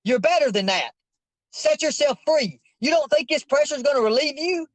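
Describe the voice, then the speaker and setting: A man's voice: extremely high pitch, expressive, moderate pace, no echo, poor audio. Insistent, preachy man pressing hard. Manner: insistent, preachy, repeats himself. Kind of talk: heated confrontation over a call.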